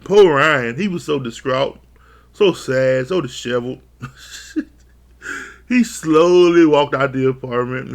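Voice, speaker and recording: Gravelly, laughing reality show reviewer man. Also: a little high, takes it slowly, pauses often. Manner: laughs often, swears freely, animated retellings. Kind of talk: casual profane commentary.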